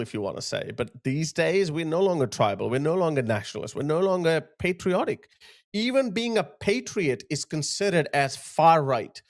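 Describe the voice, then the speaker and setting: A man giving impassioned video commentary, emphatic and indignant, driving his points home by repeating phrases. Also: a little high. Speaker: political commentator.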